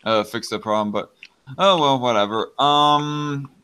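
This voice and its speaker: A man in a casual group voice chat, halting and searching for words as he talks. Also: medium pitch, sharp tone, smooth.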